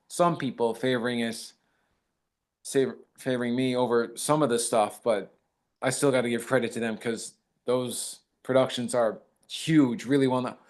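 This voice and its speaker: A man, an actor, talking modestly in a casual interview and retelling fan encounters with quoted dialogue. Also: mid-range voice. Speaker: actor guest.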